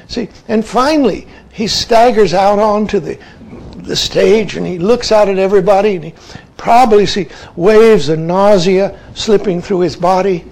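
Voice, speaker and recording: A man's voice: high-pitched, moderate pace, a little mellow, poor audio. A man, a Zen teacher, giving an emphatic dharma talk and often saying "see" as a verbal tic.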